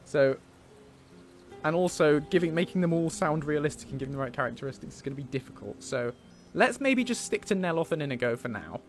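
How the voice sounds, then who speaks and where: A man's voice: a little high, lively intonation, brisk, soft background music. A man casually narrating and thinking aloud while playing a game, with fillers and self-corrections.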